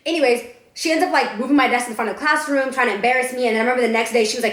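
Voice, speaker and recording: Fast-talking young woman telling blunt stories. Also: on the high side, a bit bright, roomy sound. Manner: blunt storytelling, frequent swearing. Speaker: podcast co-host. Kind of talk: casual chat.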